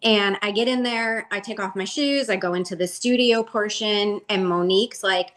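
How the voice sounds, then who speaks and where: A woman's voice: medium pitch, normal speed, few pauses, a bit bright. Woman guest, candid and chatty storyteller, mid-range voice, lots of "like". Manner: chatty, heavy use of "like".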